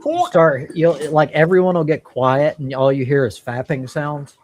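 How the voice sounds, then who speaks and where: A man's voice: a little high, lively intonation, normal speed, darkish tone, a little hiss or hum. A man hosting a live stream, talking casually and bluntly with plenty of swearing as he works through his thoughts. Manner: blunt, profane, talks through his thinking. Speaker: stream host.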